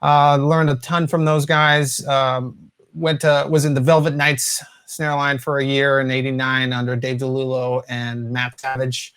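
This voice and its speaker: A man in his forties from the US West Coast, teaching drum rudiments in a relaxed way with many fillers, counting and singing out patterns. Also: medium pitch, a little slow, clear, resonant tone. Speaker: drum instructor. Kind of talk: instructional talk.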